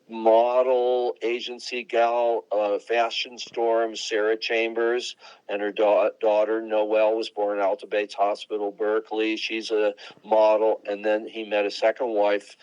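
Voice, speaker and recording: An older man from Long Island, a rock guitarist, giving a guest interview in a digressive, halting way with many restarts. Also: fairly low pitch, darkish tone, clear, resonant tone, dry recording, muffled recording. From Long Island, New York. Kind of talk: rambling interview talk.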